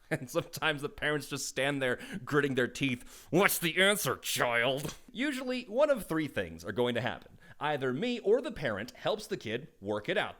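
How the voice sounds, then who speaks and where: A man in his thirties telling comedic stories in an animated, jokey way. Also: mid-range voice. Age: 30s. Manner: animated, jokey, playful asides. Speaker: storyteller.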